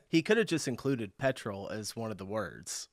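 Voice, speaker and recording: A man from Tennessee hosting a reaction video, chatty and excitable, who laughs often as he comments. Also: fairly low pitch, moderate pace, dry recording, studio quality. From Tennessee, USA.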